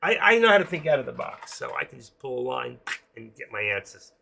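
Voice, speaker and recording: Older man, New York accent, raspy gravelly voice, chatty live-stream host. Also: mid-range voice, sing-song, fairly quick, pushed and bright. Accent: New York, with a trace of Florida. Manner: chatty, jokey, talks to viewers while trading. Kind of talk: casual live-stream commentary. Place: home.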